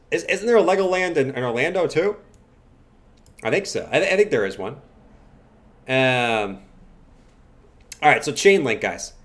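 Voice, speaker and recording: A man with a slightly high voice hosts a casual livestream, bantering playfully with his chat before walking through chart analysis, breaking now and then into sudden loud chanting.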